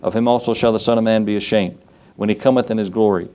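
A man's voice: lowish voice, steady tone, fast talker, mellow. A man teaching a Bible study in a folksy way, reading scripture aloud and asking his listeners questions.

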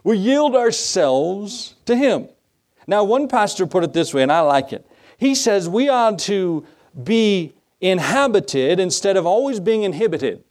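A pastor delivers a sermon in a man's voice pitched a little above the usual. He talks to the congregation conversationally, throwing out rhetorical questions and acting out short exchanges as he goes. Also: very animated, unhurried, a little mellow. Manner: conversational preaching that acts out dialogues and asks rhetorical questions.

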